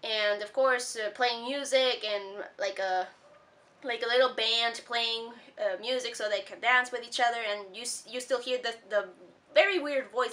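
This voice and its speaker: A woman's voice: on the high side, moderate pace, sharp tone. A woman recapping a cartoon episode in a casual, rambling vlog, with lots of fillers and laughs. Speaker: cartoon reviewer. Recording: voice a bit distant from mic.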